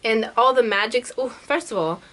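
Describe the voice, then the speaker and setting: Young woman reaction vlogger, bubbly and chatty with lots of slang, voice on the higher side. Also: moderate pace, fairly bright tone. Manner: bubbly and chatty, heavy slang, laughs often. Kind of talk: casual reaction chat.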